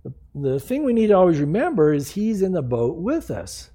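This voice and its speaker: A man's voice: on the high side, big pitch swings, moderate pace, dark tone. A man in his sixties preaching a sermon in a conversational, jokey way, acting out the people he quotes. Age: 60s. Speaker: pastor.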